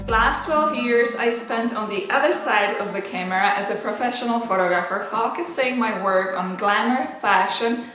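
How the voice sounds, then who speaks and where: A middle-aged woman speaks English as a second language in an earnest, encouraging way. She gives tips straight to the camera in a mid-pitched voice, with a faint hiss of noise behind her. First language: not English. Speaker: YouTuber giving tips. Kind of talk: tutorial vlog talk to camera.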